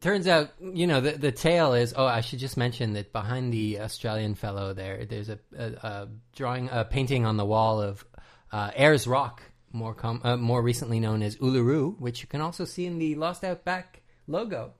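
A man's voice: mid-range voice, moderate pace. A man co-hosting a casual podcast, explaining trivia in detail with frequent hesitations. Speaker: podcast co-host. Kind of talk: casual commentary chat.

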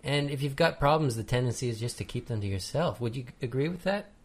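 A man's voice: medium pitch, expressive, quick pace. Podcast guy reading out listener mail, dry jokey delivery, mid voice. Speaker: podcast co-host. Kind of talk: casual chat, reading listener emails.

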